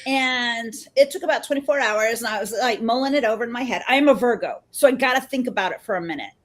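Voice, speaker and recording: A woman in her fifties, a therapist, chatting as a podcast guest and telling stories in an animated way, acting out what people said. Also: fairly high pitch, fast talker. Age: 50s. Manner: chatty and animated, acts out quoted dialogue. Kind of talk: casual storytelling in a podcast interview.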